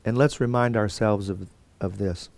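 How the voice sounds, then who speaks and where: A man's voice: on the low side, steady tone, normal speed, creaky, a little mellow, a little hiss or hum. A man teaching a Bible course in a conversational lecture style, with fillers and restarts and quotes acted out. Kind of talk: classroom lecture.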